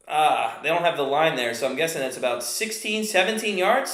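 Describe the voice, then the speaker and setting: A man's voice: fairly high pitch, lively intonation, fairly quick, hardly any pauses, a bit bright, reverberant. A young man doing casual live play-by-play for a watchalong stream, chatty, often stumbling over names with fillers and restarts.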